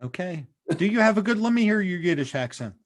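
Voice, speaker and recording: A man hosting a comedy podcast, chatting casually and telling stories in an animated, joking way. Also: high-pitched, fast. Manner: animated, jokey storyteller. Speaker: podcast host.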